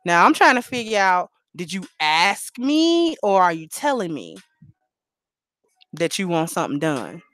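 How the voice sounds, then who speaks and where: A woman's voice: fairly low pitch, very animated, a little slow, fairly bright tone, no echo. Blunt, profane woman live-stream host. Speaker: livestream host. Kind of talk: casual live-stream talk.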